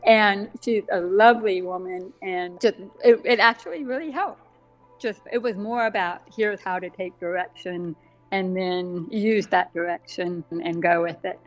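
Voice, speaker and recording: A woman guest in a casual interview, speaking with a deaf accent that makes some sounds slightly different, chatty and quick to laugh at herself. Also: mid-range voice. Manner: chatty, laughs often, self-deprecating asides. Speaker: guest author.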